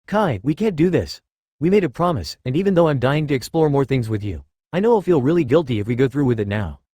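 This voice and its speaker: A man voicing a soft, shy young woman. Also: medium pitch, expressive, fast, husky, dry recording, clean studio sound. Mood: regretful. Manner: soft, nervous. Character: shy affectionate young woman, blushing girlfriend.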